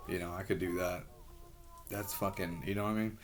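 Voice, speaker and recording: A man in a rambling personal monologue, halting and frustrated, swearing heavily as he talks. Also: deep voice, steady tone.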